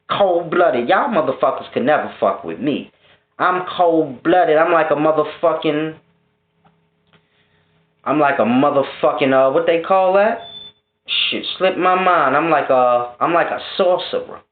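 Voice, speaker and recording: Profane, animated man on a tinny line. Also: on the high side. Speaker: spiritual vlogger. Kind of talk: casual ranting monologue. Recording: tinny phone-like echoey sound.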